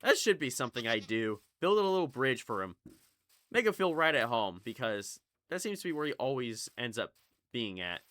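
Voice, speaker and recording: A young male gaming YouTuber with a slight Southern US accent from Kentucky rambles and swears through casual gameplay commentary. His medium-pitched, slightly bright voice is sing-song at a normal speed, and his manner is jumpy and chatty.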